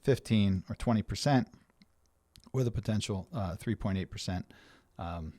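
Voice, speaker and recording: A man's voice: fairly low pitch, normal speed, mellow, no room sound. A middle-aged man hosting a financial planning show, explaining things to viewers in a conversational way with frequent restarts and fillers. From United States.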